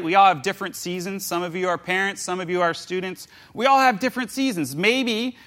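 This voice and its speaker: A preacher with a high voice recounts a story during a relaxed sermon, playful and animated, slipping briefly into the roles of its characters.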